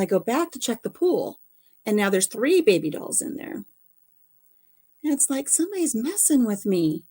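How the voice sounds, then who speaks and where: Middle-aged woman vlogger, relaxed chatty storyteller, casual and unscripted. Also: mid-range voice. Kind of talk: casual chat.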